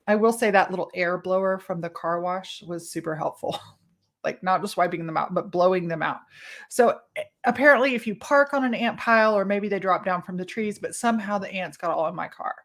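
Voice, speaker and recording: A woman from Texas, telling a personal story in a casual monologue, animated and swearing freely. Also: medium pitch. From Texas, USA. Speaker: podcast host.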